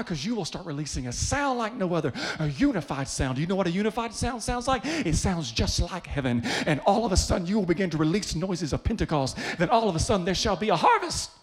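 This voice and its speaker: A man preaching a sermon to a congregation, leading them by name and building to loud, rhythmic climaxes. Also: high voice. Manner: leads the congregation, calling people up by name.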